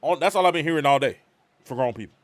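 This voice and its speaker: Guy w/ hosting a live stream, kinda high voice, swings way up and down telling his story. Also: racing. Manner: animated, acts out both sides of conversations. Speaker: show host.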